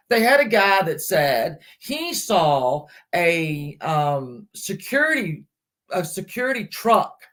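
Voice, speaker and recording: A woman hosting a true-crime livestream, retelling a case in a chatty way and breaking off to greet people in the chat. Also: lowish voice. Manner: chatty, talks back to chat comments mid-story. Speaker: livestream host. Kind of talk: casual true-crime storytelling to a live chat.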